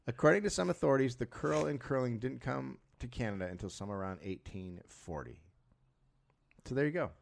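Gravelly, lively-voiced man chatting. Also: medium pitch, moderate pace. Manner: profane, jokey, reads history aloud. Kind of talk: casual comedic chat.

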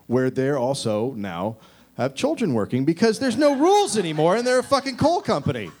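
A man in his forties doing a rambling, profane stand-up set, with shouted mocking impressions. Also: on the high side, huge pitch swings, a little fast. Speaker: stand-up comedian. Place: comedy club stage with live audience.

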